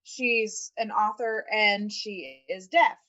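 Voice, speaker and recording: Woman, podcast co-host, casual chat, laughs a lot, middle pitch, dull lo-fi sound. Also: takes it slowly, pushed and bright. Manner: chatty, laughs often, many fillers.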